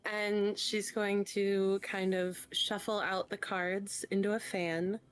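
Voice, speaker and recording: A woman describes what her character does in a tabletop game, keeping it playful and full of giggles. Her voice sits at a middle pitch. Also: flat delivery, takes it slowly, smooth.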